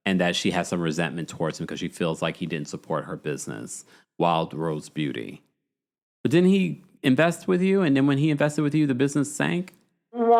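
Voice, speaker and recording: A man hosting a podcast, recapping a reality show in casual, gossipy chat and acting out what the cast said. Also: fairly low pitch. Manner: animated, gossipy, acts out quotes. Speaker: podcast host.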